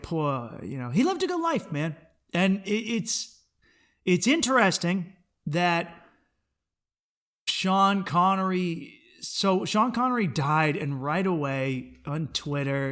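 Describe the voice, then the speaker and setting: A man's voice: on the high side, fairly bright tone. A man hosting a comedy podcast alone, ranting bluntly and swearing a lot. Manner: profane, blunt, opinionated. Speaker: podcast host. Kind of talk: solo comedic rant.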